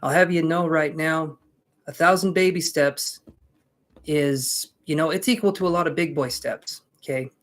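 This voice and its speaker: A man's voice: a little high, steady tone, moderate pace. Chatty, joking male tarot reader. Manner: jokey, reassuring, chatty. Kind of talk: live-stream casual chat.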